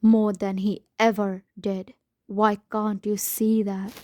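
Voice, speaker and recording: A woman reading the part of an angry, jealous young husband, speaking low and quietly menacing. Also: flat delivery, slow pace, dry recording, studio quality, lightly acted.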